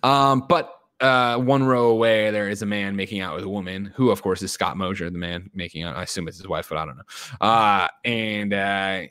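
Low-voiced man recapping a film. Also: fairly even intonation, a bit bright, clear, resonant tone, no echo, studio quality. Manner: retells scenes, quoting characters in quick put-on voices. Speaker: podcast host recapping a film. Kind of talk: casual recap and chat.

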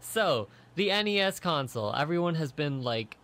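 A man's voice: on the high side, lively intonation, a bit bright. A young man co-hosting a radio talk show, casually presenting news items and moving the chat along. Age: young adult. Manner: brisk, moves the talk along to the next topic.

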